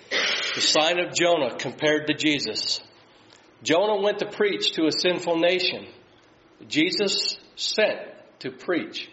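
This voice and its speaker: A man's voice: mid-range voice, fairly bright tone, a little hiss or hum. A man leading a Bible study, putting questions to the group and reading scripture aloud. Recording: slightly dull sound.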